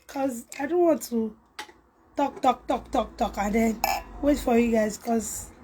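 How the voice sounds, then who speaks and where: Woman, live-stream host, slow and high, voice roughed up by a cold, chatty, shouts out viewers. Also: slight background noise, rough recording. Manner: chatty, greets viewers by name, laughs often. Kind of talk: casual live-stream chat.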